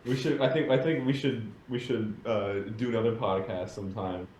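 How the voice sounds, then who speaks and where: A man's voice: fairly low pitch, steady tone, moderate pace, darkish tone. A man guesting on a podcast, laid-back, with dry jokes. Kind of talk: casual chat. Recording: roomy echo with faint noise.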